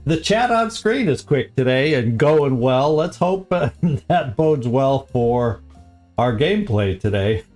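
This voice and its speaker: A man's voice: mid-range voice, darkish tone. A man hosting a live game stream, chatting casually and easily, often chuckling and repeating his phrases.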